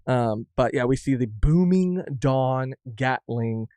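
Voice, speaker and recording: A man's voice: mid-range voice, expressive, takes it slowly, warm tone, clear, resonant tone, dry recording. A man co-hosting a podcast, chatting casually and animatedly about a manga chapter, swearing freely and often restarting his sentences. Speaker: podcast co-host. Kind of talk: casual chat reviewing manga.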